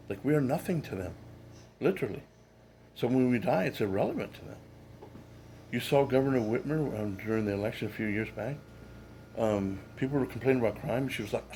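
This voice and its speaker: A man rants about politics in a loose, indignant way, circling back and restarting his sentences as he goes. His voice sits at an ordinary middle pitch. A faint background ambience hangs behind him. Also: warm tone, a little hiss or hum. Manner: indignant, rambling, with frequent restarts. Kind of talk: casual political rant.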